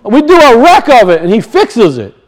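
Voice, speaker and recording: A man's voice: normal speed, low-quality recording. A middle-aged man preaching a sermon, swinging his voice up and down, repeating phrases and acting out quoted voices. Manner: animated preaching, rises and drops in pitch, acts out quoted voices; repeats and restarts phrases for emphasis.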